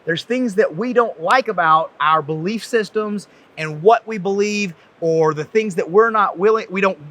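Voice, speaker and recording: A man with a softened Southern accent hosting a podcast, introducing his guest in a rambling, enthusiastic way. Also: high voice, moderate pace. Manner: rambling, many fillers and restarts, enthusiastic. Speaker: podcast host, chiropractor. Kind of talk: casual conversation, introducing a guest.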